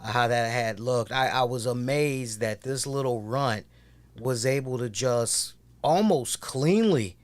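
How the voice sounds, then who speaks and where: A man co-hosting a podcast who tells stories in a casual, animated way and swears constantly. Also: mid-range voice, slow. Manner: heavy swearing, animated storytelling. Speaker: podcast co-host. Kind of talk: casual chat.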